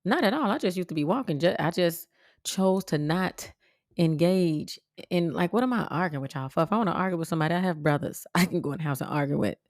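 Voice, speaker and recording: Gravelly low-voiced woman telling a story. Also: fast talker, no room sound, clean studio sound. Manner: blunt, profane, animated retelling. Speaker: podcast host. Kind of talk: casual storytelling monologue.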